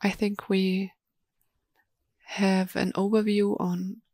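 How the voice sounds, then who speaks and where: Slow, hesitant woman presenting software. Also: mid-range voice, flat delivery, no echo, studio quality. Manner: slow, hesitant, many ums and restarts. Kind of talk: live software demo webinar.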